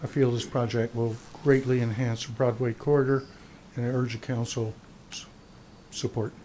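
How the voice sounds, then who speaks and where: A man who is an architect giving a brief, measured, formal public comment at a city council meeting. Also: mid-range voice, little pitch movement, mellow, poor audio. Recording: faint room noise.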